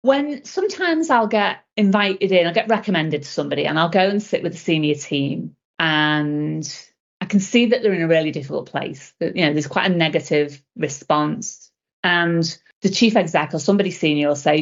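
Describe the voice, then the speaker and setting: A middle-aged woman, a leadership coach, answering interview questions as an animated storyteller who acts out conversations. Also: low voice, normal speed. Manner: animated storyteller, acting out dialogue. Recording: dull lo-fi podcast audio.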